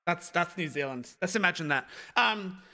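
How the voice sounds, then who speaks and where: A young man streaming a stand-up set, telling an animated story and breaking off for asides to his chat. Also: high voice, normal speed, a crowd in the background.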